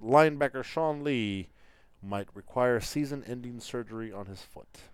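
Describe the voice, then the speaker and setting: A man recapping football games on a casual talk show, leaning hard on the big moments. His voice is smooth and resonant at a middle pitch. It is recorded dry and close. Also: moderate pace, no room sound. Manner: lively recapping, dramatic emphasis. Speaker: co-host. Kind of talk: casual sports chat.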